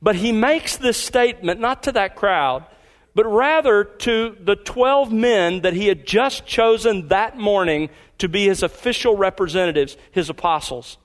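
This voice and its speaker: A man with a high voice delivers a sermon like a teacher. He explains patiently and stretches out the words he wants to stress. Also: expressive. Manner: emphatic, teacherly, slows down on key phrases. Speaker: pastor.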